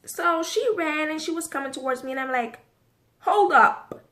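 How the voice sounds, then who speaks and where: A woman vlogger telling a casual story to camera, animated and full of swearing, tying it together with "so" and "like". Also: sits high, fairly quick. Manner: animated, profane storytelling with frequent "so" and "like".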